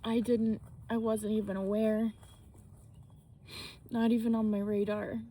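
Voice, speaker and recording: A woman speaking outdoors in a slow, halting, emotional personal reflection, with restarts and whispered asides. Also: medium pitch, little pitch movement, dark tone. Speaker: spiritual vlogger.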